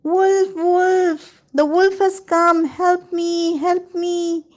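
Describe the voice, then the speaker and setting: A woman voicing a mischievous little shepherd boy who cries out in a high, shrill voice. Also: slow pace, dark tone. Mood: mock alarm.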